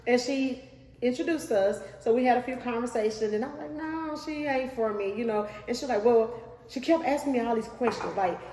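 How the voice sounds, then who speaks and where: A woman's voice: on the high side, fairly quick, a crowd in the background. A woman with a Texan accent telling a personal love story in a casual chat, acting out quotes and restarting her sentences. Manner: animated, acts out quotes, trails off and restarts. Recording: echoey room with long reverb.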